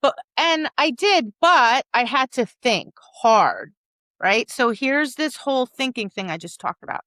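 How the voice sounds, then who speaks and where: A woman co-hosting a dog training podcast, telling stories in a casual, animated way and slipping into quick voices for the people and dogs in them. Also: fairly high pitch, dry recording.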